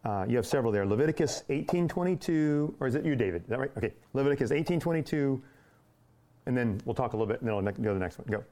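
Man, bible class teacher, folksy, chatty, mid-pitched voice. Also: very fast. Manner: folksy, animated, acts out little scenes. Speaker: church teacher.

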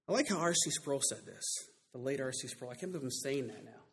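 A man preaching a sermon with emphatic delivery that builds to loud climaxes and slows down to stress key words. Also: mid-range voice, expressive, husky.

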